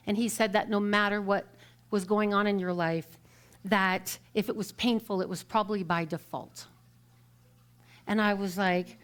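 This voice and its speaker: A middle-aged woman minister giving a live storytelling sermon in church, acting out quoted voices and laughing as she goes. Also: medium pitch.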